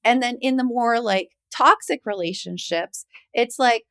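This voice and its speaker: A woman hosting a podcast, talking casually and affirming her guest, turning animated when she retells exchanges. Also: fairly high pitch, unhurried, clear, resonant tone, no room sound, clean studio sound. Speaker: podcast host.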